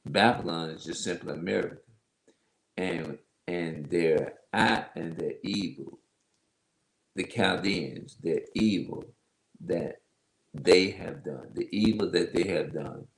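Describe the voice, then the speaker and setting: A man with a heavy, loud voice reads Bible verses slowly and emphatically, stopping to explain them in his own words as an online religious teacher. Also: sits low, echoey room, poor audio. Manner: slow, emphatic, repeats himself. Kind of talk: Bible reading with loose commentary.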